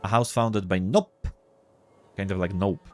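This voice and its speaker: A man's voice: deep voice, steady tone, a little slow, a little mellow, soft background music. A man casually commenting on a game as he plays, joking and swearing as he reads the text aloud. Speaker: gameplay video host.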